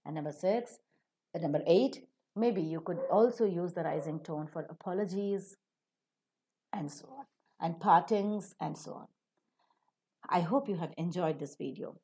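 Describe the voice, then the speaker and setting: A woman gives a recorded lesson on intonation. Her voice is mellow and warm, and she steps through examples, pushing her pitch up and down to show each rising and falling tone. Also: measured pace, long pauses. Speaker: teacher.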